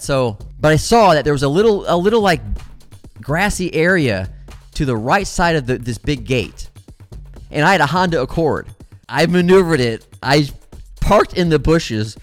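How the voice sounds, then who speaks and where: Animated middle-aged man telling a story. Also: fairly high pitch. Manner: animated, profane, addresses listeners as guys. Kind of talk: casual storytelling.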